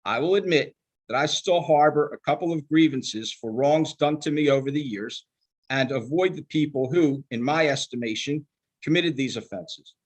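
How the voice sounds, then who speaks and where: An older man giving a sermon in a measured, emphatic manner, slowing down to stress quoted scripture. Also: a little high. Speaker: rabbinical student giving a sermon.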